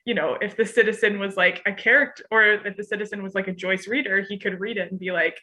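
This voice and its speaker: A young woman with a bright, forceful voice talks about a novel in loose, casual conversation. She leans on "like" constantly as she thinks aloud. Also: medium pitch, fairly even intonation, fast talker. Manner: chatty, heavy use of "like". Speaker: podcast guest. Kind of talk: casual literary discussion.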